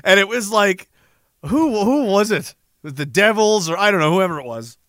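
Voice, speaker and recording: A man's voice: sits high, very animated, moderate pace, a bit bright, no room sound, clean studio sound. A male streamer in casual chat who reads viewer comments aloud with crude, sarcastic banter.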